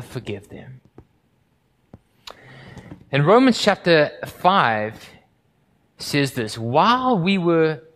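A man preaching a sermon, retelling a story with vivid drama and dropping low and slow for the quiet, solemn passages. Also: long reverb tail. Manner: dramatic storytelling, acting out crowd and Pilate in a raised voice.

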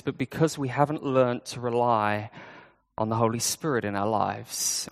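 Conversational preacher, man, echoey church. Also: medium pitch. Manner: conversational, with fillers and restarts. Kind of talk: sermon.

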